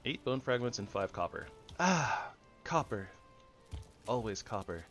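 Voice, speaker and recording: A man giving goofy, rambling commentary over his own gameplay, jumping between loud excitement and soft mumbling. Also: mid-range voice, unhurried, faint music behind. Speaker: gaming channel host.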